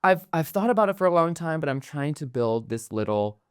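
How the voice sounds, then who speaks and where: A man's voice: a little high, very animated, a little fast, clear, resonant tone. A man playing a tabletop game, rambling casually with many fillers and restarts. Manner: rambling, filler-heavy, giggly. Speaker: player.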